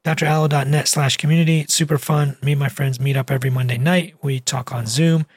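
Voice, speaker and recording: A man's voice: medium pitch, steady tone, quick pace, slightly rough, dry recording. A male physician giving a casual, emphatic vlog talk, with repetitive phrasing and slang.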